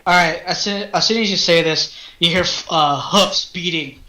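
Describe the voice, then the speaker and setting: A man narrating a tabletop game as game master, in loose, halting narration with restarts. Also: high voice, sharp tone, roomy sound.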